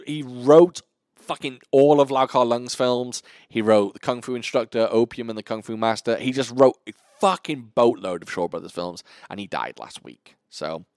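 A man's voice: fairly low pitch, dry recording, studio quality. A man hosting a podcast, chatting casually and enthusiastically about kung fu films, swearing freely. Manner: enthusiastic, swears often, lists titles. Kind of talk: casual chat.

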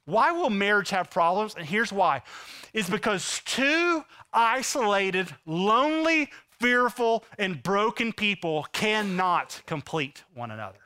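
A man in his thirties preaching a sermon as pastor, impassioned, swinging from loud emphasis to hushed intensity. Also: sits high, lively intonation, unhurried, clean tone.

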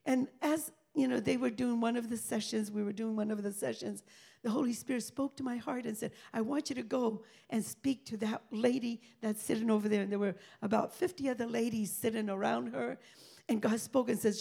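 High gravelly woman preaching fervently. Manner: fervent, builds to shouted prayer. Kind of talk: sermon testimony and prayer.

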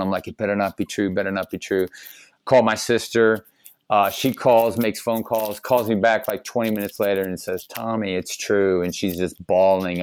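A man's voice: fairly low pitch, no room sound. A middle-aged man from Ohio, a guest telling his life story in a loose, slangy way, full of "like" and "dude". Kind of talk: casual storytelling.

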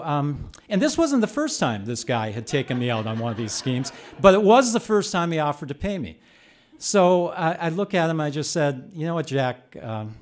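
Older man telling a lively story. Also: on the high side. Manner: animated, rising to shouts when reliving the chaos. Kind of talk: live personal storytelling.

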